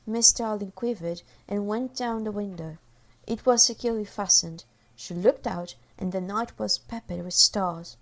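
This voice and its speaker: A woman reading a classic children's story aloud with expressive, varied delivery. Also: medium pitch, moderate pace. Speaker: reader. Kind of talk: storybook narration.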